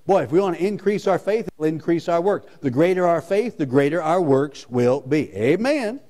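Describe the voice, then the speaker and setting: A man's voice: a little high, expressive, normal speed, dark tone. A male pastor preaching a sermon with emphasis, repeating his key lines.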